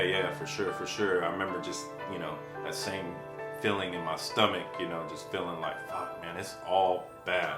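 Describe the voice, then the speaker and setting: A man telling his own story in casual, slangy talk, unhurried and reflective, with frequent swearing. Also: sits low. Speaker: storyteller recounting his past. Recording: echoey room with faint guitar music. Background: faint guitar music.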